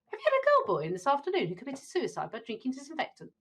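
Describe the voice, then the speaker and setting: A woman's voice: high-pitched, wildly swooping pitch, racing, pitched above the performer's own voice. Woman reading a poised upper-class young gent on the telephone, playtext read-through. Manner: reading a play aloud. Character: confident upper-class young man phoning a hospital.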